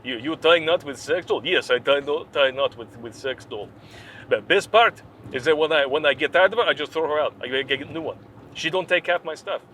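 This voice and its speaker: A man puts on a cocky bodybuilder groom with a thick Russian accent and broken English. The voice is bright, a little high, and comes with a faint hum of traffic behind it. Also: a little fast, poor audio. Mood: boastful. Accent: put-on Russian.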